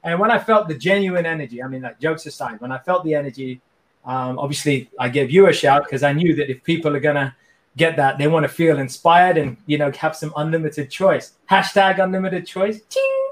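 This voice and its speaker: Male guest, joking and energetic, higher-pitched voice. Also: fairly quick. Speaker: coach and guest. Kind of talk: casual interview chat.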